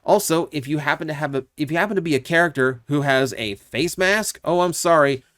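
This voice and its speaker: A man's voice: a little high, a little fast, fairly bright tone, no echo, studio quality. A man hosting his own channel, giving casual, opinionated commentary with lots of asides and fillers. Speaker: YouTube channel host.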